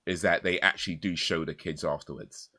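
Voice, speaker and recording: A man hosting a podcast, talking casually and rambling, with many restarts, fillers and quick laughs. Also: low-pitched, fairly even intonation, pushed and bright. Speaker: podcast host.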